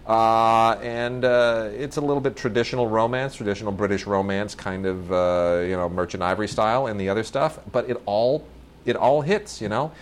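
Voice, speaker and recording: A man's voice: lowish voice, moderate pace. Enthusiastic rambling man reviewing films. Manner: enthusiastic, rambling, often restarts and self-corrects. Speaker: film review co-host. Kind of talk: casual movie review chat.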